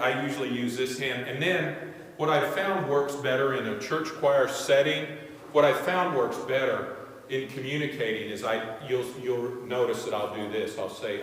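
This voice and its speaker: A man's voice: medium pitch, fairly bright tone. A male music instructor giving a classroom lecture on conducting, counting beats aloud as he demonstrates. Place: large echoey room. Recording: echoey hall, voice from a distance.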